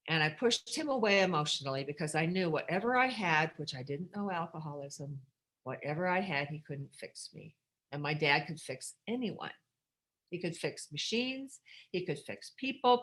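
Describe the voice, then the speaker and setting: A middle-aged woman from the United States shares her personal story at a recovery workshop. Her voice sits a little low for a woman. She rambles and restarts often and keeps a candid, darkly humorous tone. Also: a bit bright.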